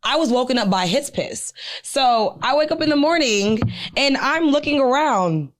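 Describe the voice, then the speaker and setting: Young woman, podcast co-host, slightly high voice, casual storytelling, animated, profane, lots of "like". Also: moderate pace, slight background noise.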